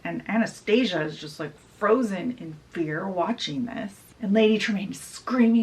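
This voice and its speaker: A woman's voice: medium pitch, normal speed, few pauses, recorded from a distance, rough recording. A woman book vlogger casually retelling a story in a chatty, storytelling way. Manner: chatty, storytelling, with fillers like "she's like". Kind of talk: casual book summary vlog.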